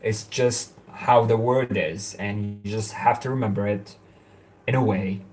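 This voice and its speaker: A man's voice: on the low side, fairly even intonation, unhurried, darkish tone, soft background music. A young man whose first language is Arabic, chatting casually in a vlog, rambling with many fillers and restarts and laughing often. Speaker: language-learning vlogger.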